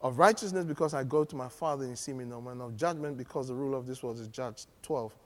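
A man preaching a sermon, animated and humorous, often laughing as he teaches. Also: medium pitch, fast talker. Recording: long reverb of a large hall.

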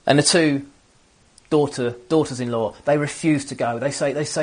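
A man's voice: on the high side, fairly even intonation, normal speed, a little mellow. A man preaching a sermon to an empty room, earnest and often restarting his phrases. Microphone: camera on stands.

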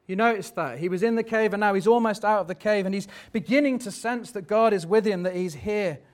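A man's voice: high voice, fairly quick. A man preaching a sermon in a reflective, conversational way, turning dramatic when he reads scripture.

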